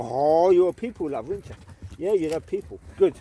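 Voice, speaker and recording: Dog-walking vlogger, man: high, very lively voice, chatty, barks commands at his collies, recorded outdoors on the move. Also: a little fast, a little hiss or hum. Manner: chatty, calls out sharp commands to his dogs; coos affectionately at dogs and puppies. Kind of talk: casual walk-and-talk chat. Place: outdoors in a village.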